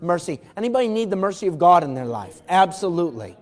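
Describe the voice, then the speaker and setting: A man's voice: high-pitched, sing-song, fairly quick, hardly any pauses. A man preaching an evening sermon in a church, fervently reading scripture aloud and asking the congregation direct questions. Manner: reads scripture aloud in King James wording. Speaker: pastor. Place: church sanctuary. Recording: long reverb of a large hall.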